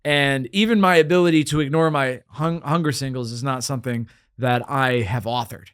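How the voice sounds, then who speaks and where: A man's voice: medium pitch, fairly even intonation, normal speed, a bit bright, smooth. A man hosting a podcast in casual chat, rambling and joking with many restarts. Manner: rambling, self-interrupting, joking. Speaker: podcast host.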